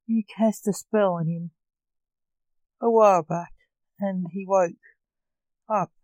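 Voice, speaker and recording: A woman reading a story gives voice to the Sandman, a calm male dream guardian from a storybook. He speaks slowly and matter-of-factly in a warm, mellow tone, recorded close and dry. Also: mid-range voice, no room sound, natural voice.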